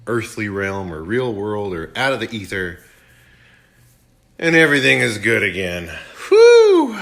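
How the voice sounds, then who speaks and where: Bright-voiced man recapping a movie. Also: fairly low pitch. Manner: animated storytelling, mock voices for quotes. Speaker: movie reviewer. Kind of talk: casual play-by-play recap.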